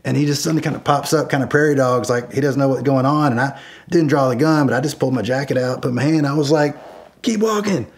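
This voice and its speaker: A middle-aged man recounts a tense memory in a loose, conversational way. His voice sits at an ordinary pitch, and he keeps restarting sentences and leaning on fillers as he talks. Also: fairly even intonation, fast talker. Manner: rambling, many fillers and restarts, shouts quoted lines loudly. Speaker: storyteller guest. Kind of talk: casual spoken storytelling.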